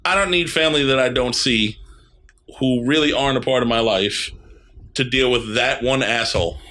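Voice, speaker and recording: A man's voice: medium pitch, moderate pace, pushed and bright, slight background noise. A man in his thirties co-hosting a casual podcast, blunt and ranting, swearing freely. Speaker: podcast co-host. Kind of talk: casual profane chat.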